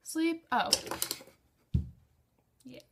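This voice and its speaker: A woman's voice: drawn-out words, background noise. A young woman vlogging at home, chatting in a rambling, self-deprecating way while she does her makeup. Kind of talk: casual makeup vlog.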